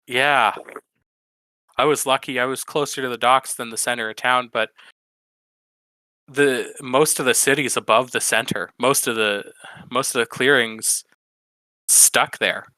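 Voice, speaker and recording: A man's voice: mid-range voice, fairly even intonation, a little slow, pauses often, sharp tone, no room sound, rough recording. A man voicing a wry young female frog bodyguard, weary and wincing from a head injury, in a tabletop game. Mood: weary, pained.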